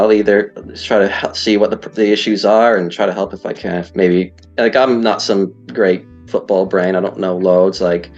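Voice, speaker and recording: Chatty deep guest, rambling, self-deprecating, dull lo-fi audio with faint music. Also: male voice, a little mellow. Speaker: guest, league player. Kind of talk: casual online interview.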